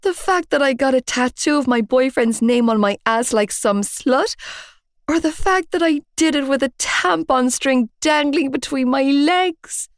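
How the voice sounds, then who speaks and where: A woman voicing a frantic young woman who wails and shrieks in a high voice. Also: unhurried, no echo, clean studio sound. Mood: panicked. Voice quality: shrill, wailing. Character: frantic young Irish woman, dramatic and shrill.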